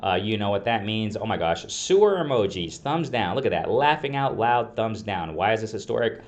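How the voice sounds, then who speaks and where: A man's voice: fairly low pitch, expressive, normal speed, lo-fi sound. A man hosting a casual reaction video, reading out comments in an exasperated way, repeating himself and laughing often. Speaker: boxing commentary video host.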